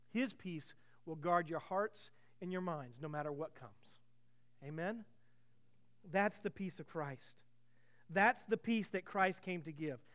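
A man's voice: sits high, fairly bright tone. A man preaching a sermon as pastor, reading scripture aloud and asking the congregation rhetorical questions. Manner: reads scripture aloud with emphasis.

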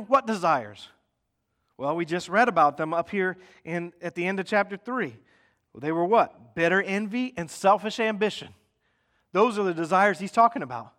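A man's voice: sits high, normal speed, a bit bright. A man preaching a sermon in a conversational style, often checking in with his listeners and acting out their complaints. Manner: acts out listeners' complaints in mock voices.

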